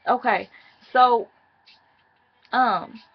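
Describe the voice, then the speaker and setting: A woman's voice: a little high, extremely slow, breathy edge, highs cut off. A woman chatting casually and profanely as she recaps a reality show for her viewers.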